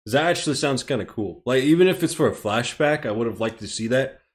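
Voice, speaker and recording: A man with an American accent reads a script on a live stream, talking quickly with lively intonation in a mid-range voice. As the streamer and host, he rambles through self-deprecating asides and chuckles between phrases.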